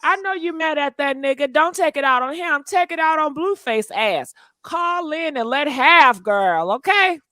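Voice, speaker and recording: A high-pitched woman hosts a call-in show, talking in a sassy, profane way with frequent laughs. Her voice sits close and dry, with no room around it. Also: animated, moderate pace, hardly any pauses, bright, forceful tone, no echo. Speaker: talk show host. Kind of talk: casual call-in chat.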